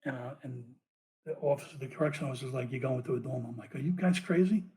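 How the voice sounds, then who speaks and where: A man, a former police officer, telling his story as a podcast guest in a profane, animated way. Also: medium pitch, very fast. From United States.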